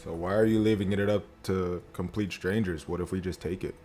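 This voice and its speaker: A man's voice: low-pitched, steady tone, brisk, warm tone, soft background music. A man playing a tabletop game, talking casually and bluntly. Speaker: player.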